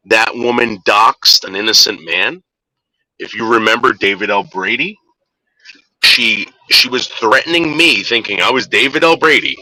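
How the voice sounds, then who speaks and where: A man's voice: mid-range voice, bright, forceful tone, dry recording, poor audio. A man ranting angrily and cursing in a casual livestream chat, repeating names and stammering when worked up. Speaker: livestream co-host.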